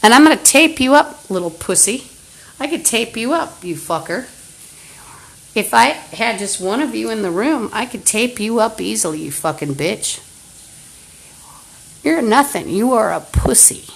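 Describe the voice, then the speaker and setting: A woman's voice: fairly high pitch, expressive, a little slow, creaky, slightly rough, poor audio. Woman ranting angrily on a live stream. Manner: profane, hostile, berating unseen listeners. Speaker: livestreamer. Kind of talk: angry live-stream rant. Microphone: phone livestream.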